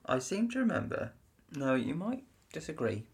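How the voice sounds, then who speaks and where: A woman's voice: deep voice, very animated, normal speed, vocal fry. A woman co-hosting a casual podcast chat, dropping short, dry, teasing quips. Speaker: podcast co-host.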